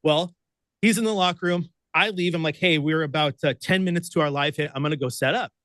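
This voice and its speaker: A radio producer and host from Oregon tells an animated story as a guest, speaking briskly in a slightly high voice. Excitable, he laughs often and acts out voices, with no room sound in the recording.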